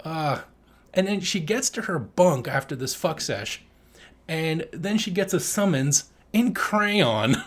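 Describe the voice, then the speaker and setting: A man's voice: a little high, expressive, slow. Crude joking male podcast host. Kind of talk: casual chat.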